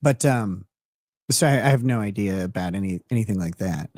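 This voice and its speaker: A man's voice: on the low side, brisk, darkish tone, no room sound, clean studio sound. A man from Minnesota, hosting a show and telling a rambling story in casual chat, laughing often and restarting his sentences. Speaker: show host.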